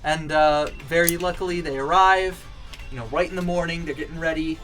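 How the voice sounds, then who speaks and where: A man telling a long shaggy-dog joke on a home stream, wandering through it with fillers and restarts. His voice sits a little high for a man. Faint music plays underneath. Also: steady tone, a little fast, fairly bright tone. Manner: rambling, many fillers and restarts.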